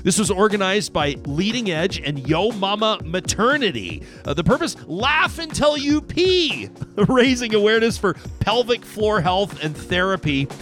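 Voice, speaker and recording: A man hosting a talk radio show, reading live ads and joking with his co-host in an upbeat pitchman style. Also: big pitch swings, normal speed, fairly bright tone, soft background music. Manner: upbeat, jokey pitchman delivery.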